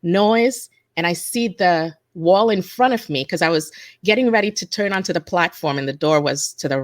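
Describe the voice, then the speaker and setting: Casting: low-voiced woman, halting personal testimony, dry close sound. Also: no echo. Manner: halting, with restarts and self-corrections. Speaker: interview guest, attack survivor.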